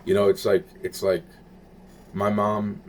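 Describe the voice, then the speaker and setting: Rambling low-voiced man, swearing. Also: flat delivery, a little slow, darkish tone, a little hiss or hum. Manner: rambling, repetitive, profane, searching for words. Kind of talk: rambling monologue.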